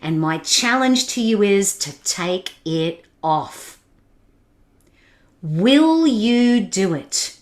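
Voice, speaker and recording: Lively woman giving a motivational talk. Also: medium pitch, drawn-out words. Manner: addresses the audience directly with questions and challenges; lively and animated, laughing at audience comments. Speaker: keynote speaker.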